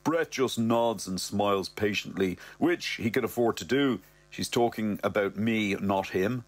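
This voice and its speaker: A man's voice: fairly low pitch, a little slow, no echo. A man narrating a first-person story in a wry, cocky, conversational way.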